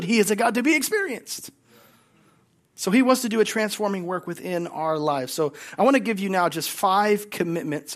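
A man's voice: on the high side, fairly bright tone. A man preaching a sermon as a guest pastor. He speaks emphatically, repeats key lines and has the congregation say phrases back to him.

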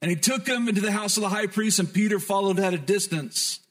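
A man with a high-pitched voice preaching a sermon. He tells the story with emphasis and sometimes drops into soft, reflective tones as he speaks to the congregation. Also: fast talker. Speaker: pastor.

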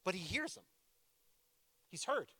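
High, lively-voiced male preacher. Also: unhurried, slightly rough, no echo, clean studio sound. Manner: conversational, animated storytelling with playful asides. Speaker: pastor. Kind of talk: sermon with personal stories.

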